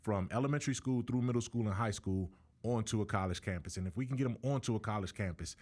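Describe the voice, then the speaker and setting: A man co-hosting a relaxed sports talk show, his voice a touch low. He talks in an affirming, encouraging way. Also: fast. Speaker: co-host.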